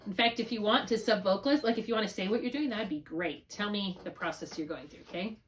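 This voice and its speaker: A woman's voice: mid-range voice, fast talker, far from the mic, a little hiss or hum. A woman tutoring one student in spelling, patiently thinking aloud through each step. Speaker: reading tutor.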